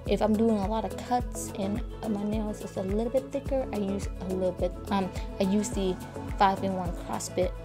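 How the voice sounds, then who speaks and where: A woman giving a chatty nail-art tutorial voice-over, talking casually to viewers and keeping her voice hushed at times. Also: medium pitch. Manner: soft, hushed and breathy at times, keeping quiet for a sleeping child; chatty and informal, addressing viewers as "guys". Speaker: nail educator.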